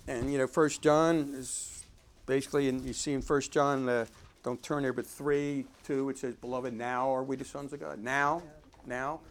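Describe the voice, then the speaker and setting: A man's voice: mid-range voice, steady tone, moderate pace. A man giving informal Bible teaching, talking conversationally and reading verses aloud with emphasis. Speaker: preacher.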